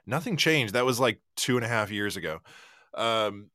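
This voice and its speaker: A man's voice: fairly low pitch, animated, normal speed, sharp tone, no room sound, clean studio sound. A man co-hosting a podcast in casual chat, rambling through stories, laughing often and acting out bits of dialogue. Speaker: podcast co-host.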